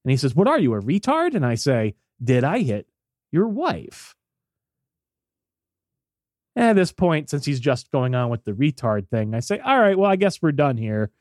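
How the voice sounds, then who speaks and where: A man's voice: medium pitch, a little slow, long pauses, no room sound, clean studio sound. A man on a podcast telling a story in casual chat, acting out the voices in it. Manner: animated, acts out voices in quotes. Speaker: podcast co-host.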